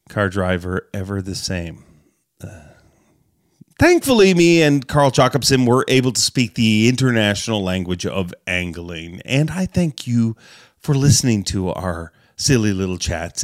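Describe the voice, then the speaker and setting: A man hosting a podcast, telling stories with animated, joking energy and closing with a playful sign-off. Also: mid-range voice. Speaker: podcast host. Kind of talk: casual podcast chat and sign-off.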